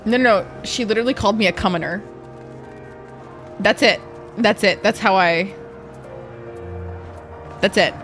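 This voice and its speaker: A woman streaming a game, chatting casually with viewers, excitable and swearing a lot. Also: mid-range voice, normal speed, long pauses. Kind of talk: casual live-stream chat. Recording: faint music behind.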